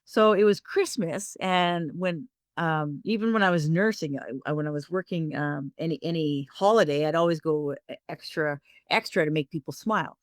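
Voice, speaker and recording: A woman's voice: sits low, normal speed, hardly any pauses, dry recording, clean studio sound. Upbeat woman co-host telling a story. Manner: chatty and upbeat. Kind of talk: casual storytelling.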